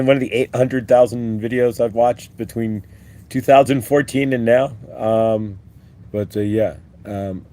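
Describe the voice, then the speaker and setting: A man's voice: mid-range voice, a little mellow. A man hosting a live-stream spiritual talk, rambling and upbeat as he leads repeat-after-me affirmations. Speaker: host.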